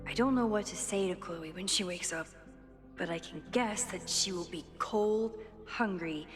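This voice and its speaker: An actress voicing a thoughtful, hesitant young woman in a video game, speaking her inner thoughts softly, heard as game audio with music. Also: fairly low pitch, normal speed, in a large hall, natural voice. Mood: reflective. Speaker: game protagonist.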